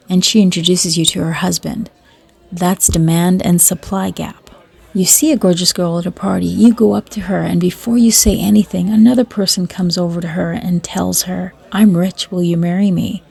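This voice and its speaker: Casting: woman reader for short stories, low-pitched, dry matter-of-fact delivery. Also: vocal fry, a little mellow, slightly rough. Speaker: storyteller. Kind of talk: reading short stories and jokes aloud.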